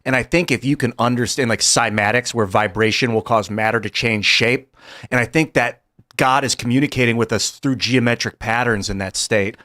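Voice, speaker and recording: A man's voice: mid-range voice, fairly bright tone. Musing man on a talk show panel. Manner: musing, speculative. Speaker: podcast co-host.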